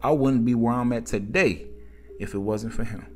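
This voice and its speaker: A man voicing a big, confident, well-off man who talks in a calm, smooth, reassuring way. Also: mid-range voice, moderate pace, faint music behind, natural voice.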